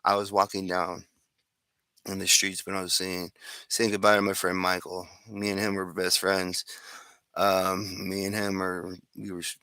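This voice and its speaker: A man's voice: low voice, monotone, measured pace, sharp tone, no echo. A man casually telling his own improvised fan story, rambling with restarts and asides.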